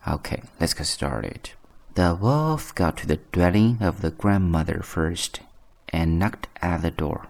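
A man reading a bedtime story aloud as an English teacher, in a calm, measured telling. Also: deep voice.

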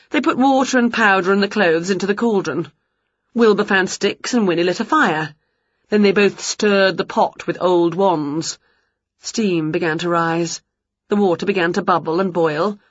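A woman reading a children's picture book aloud with expressive delivery. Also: on the low side, a little slow, husky, no echo, highs cut off. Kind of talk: storybook read-aloud.

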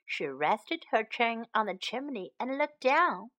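A woman narrating a children's storybook for English learners, reading slowly, clearly and expressively. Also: a little high, sing-song, a bit bright.

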